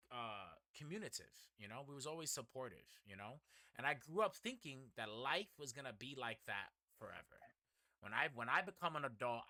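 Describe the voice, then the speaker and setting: Animated young Bronx man, bright dry voice. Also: medium pitch, dry recording. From the Bronx, New York. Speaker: podcast host. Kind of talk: casual podcast chat.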